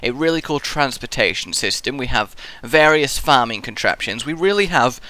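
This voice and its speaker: A man's voice: medium pitch, animated, normal speed, sharp tone, no room sound. A young man, commentating his own gameplay in a rambling, goofy way, muttering to himself and slipping into silly voices. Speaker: Minecraft let's player.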